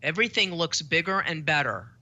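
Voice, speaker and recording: A woman's voice: deep voice, animated, brisk, pushed and bright, lo-fi sound. A woman psychotherapist, a guest on a talk show, explaining in an earnest way with frequent restarts.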